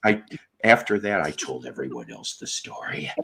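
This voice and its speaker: A man hosting a casual show, telling a story with big swings between low mutters and high exclaims. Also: very animated, normal speed, very noisy. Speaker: host.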